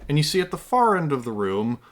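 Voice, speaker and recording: A man's voice: on the high side, big pitch swings, fast talker. A man running a tabletop game as game master, narrating loosely with many fillers.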